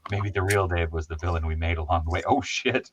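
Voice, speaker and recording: A man's voice: sits low, steady tone, fairly quick, fairly bright tone, slight background noise, rough recording. A man hosting a casual chat about toys, rambling and laughing at himself. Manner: rambling, laughs often, self-deprecating. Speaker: host.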